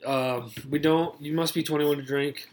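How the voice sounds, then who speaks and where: A young man co-hosting a podcast in casual chat, laid-back and dry, often pausing on fillers. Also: fairly high pitch, steady tone, a little mellow, slight background noise. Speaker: podcast co-host.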